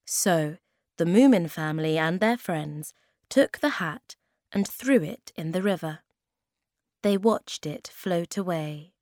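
Woman, children's audiobook narrator, slow gentle reading, dry close recording. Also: fairly low pitch, lively intonation, no room sound. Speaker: storybook reader.

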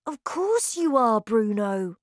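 A sensible young boy in a mouse's body, patient and reassuring, voiced by a woman reading a storybook. Her raised voice rises and falls a lot at an unhurried pace. The recording is dry and close. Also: a little high, sing-song, dry recording, voice pushed up.

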